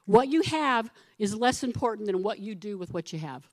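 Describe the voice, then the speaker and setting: A middle-aged woman pastor preaching a sermon in a conversational, animated way, asking her congregation questions and acting out the voices of people in her stories. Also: mid-range voice, moderate pace, no room sound.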